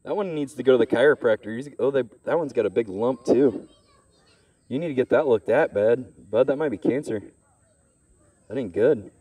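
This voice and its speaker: A man's voice: medium pitch, normal speed, dark tone, breathy edge, dry recording. A man live-streaming from an outdoor petting zoo, talking nonstop with crude, joking banter into a handheld mic. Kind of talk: casual live-stream commentary.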